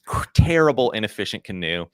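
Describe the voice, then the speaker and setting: A man's voice: fairly low pitch, very animated, a little fast, clear, resonant tone, no echo. A man in his thirties, a podcast guest, telling a story in a casual, rambling way full of "like" and "you know".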